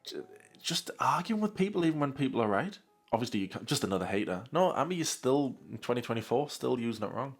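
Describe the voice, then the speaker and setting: A man's voice: mid-range voice, very animated, fast talker, soft background music. A man hosting a commentary channel, reading out questions and answers and cutting in with sarcastic jabs. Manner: sarcastic, interrupting himself with jabs. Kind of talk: mocking reaction commentary.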